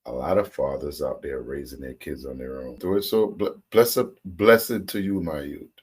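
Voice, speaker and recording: An American man co-hosting a casual reaction chat, laughing often and telling animated stories. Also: very deep voice, normal speed, husky. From United States. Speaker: co-host.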